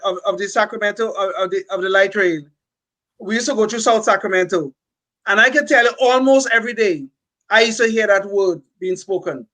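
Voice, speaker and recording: Bright, high-voiced older man, impassioned. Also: poor audio. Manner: impassioned, emphatic, repeats words while building a point. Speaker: podcast co-host. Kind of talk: opinionated political talk.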